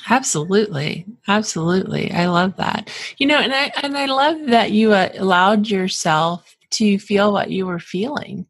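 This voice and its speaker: A woman's voice: medium pitch, normal speed, hardly any pauses, dry recording. A woman hosting an interview, affirming her guest and reflecting on her own past. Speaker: host. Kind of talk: interview conversation.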